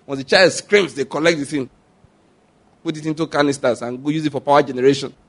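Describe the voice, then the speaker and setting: Nigerian pastor, middle-aged, fairly high voice, lively storytelling sermon, repeats for emphasis. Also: male voice, fast. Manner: animated storytelling, acts out scenes, repeats points.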